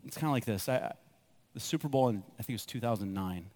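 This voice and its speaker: A man preaching a sermon as pastor, telling personal stories and acting out his own reactions with lively energy. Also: mid-range voice, fast. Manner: animated storytelling, acts out his own reactions.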